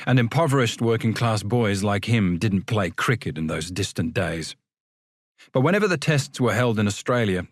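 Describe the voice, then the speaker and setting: A man reading a novel aloud as an audiobook narrator, with an expressive storytelling delivery. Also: on the low side, no room sound, studio quality.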